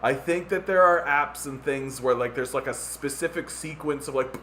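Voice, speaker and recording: A Canadian man hosts a podcast in a mid-range, slightly bright voice at normal speed, with slight background noise. He rants casually and sarcastically, doing mocking impressions and leaning heavily on "like" as filler.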